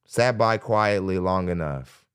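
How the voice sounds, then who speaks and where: A man's voice: deep voice, unhurried, a bit bright, clear, resonant tone. Skeptical man doing live reaction commentary. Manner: skeptical, rambling, with restarts. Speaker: podcast host.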